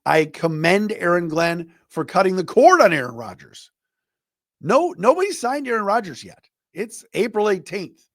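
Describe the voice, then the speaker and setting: A middle-aged man hosts a sports talk podcast, airing strong opinions in a loose, conversational way and slipping into other people's quoted lines as he tells the story. His voice sits a little high for a man and is recorded close and dry, with no room sound around it. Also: very animated, normal speed, a bit bright, dry recording. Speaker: podcast host.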